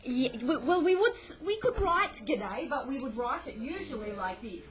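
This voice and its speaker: A woman's voice: high voice, big pitch swings, moderate pace, a crowd in the background, poor audio. A middle-aged woman teaching a play in a classroom, explaining patiently and often checking "okay?" with her students. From Australia. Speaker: English teacher.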